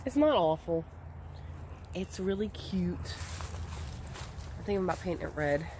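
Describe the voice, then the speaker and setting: A woman's voice: fairly low pitch, animated, a little slow, warm tone, slight background noise. A woman, chatting casually and rambling with lots of ums as she talks to camera outdoors by a chicken coop. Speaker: homestead vlogger.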